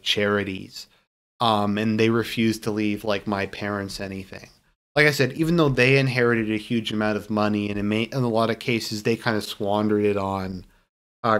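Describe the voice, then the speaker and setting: A man's voice: lowish voice, clear, resonant tone. A man giving a casual, opinionated film review, rambling with many fillers and restarts and turning sarcastic at times. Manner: sarcastic when mocking views he dislikes.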